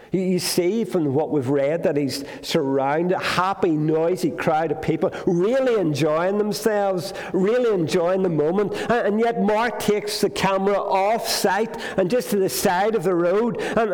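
A male preacher giving a conversational sermon, retelling a gospel story and putting questions to the congregation. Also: high voice. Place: church. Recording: long hall reverb.

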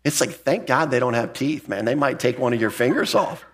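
A man's voice: animated, a little fast. A man preaching a verse-by-verse sermon as a pastor, talking to the congregation in a conversational, emphatic way and often restarting his words. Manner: jumps up in pitch to stress key points. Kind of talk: expository sermon.

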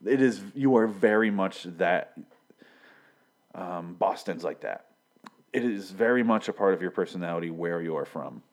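Deep-voiced man rambling through a TV recap. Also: animated, normal speed. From Michigan. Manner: rambling, profane, many fillers, quoting scenes. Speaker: TV episode reviewer. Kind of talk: casual recap and commentary.

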